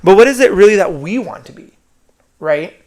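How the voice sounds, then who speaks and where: A man's voice: high voice, expressive, normal speed, darkish tone. A man hosting his own podcast, delivering a sassy, profane solo monologue and often adding "right?". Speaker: podcast host.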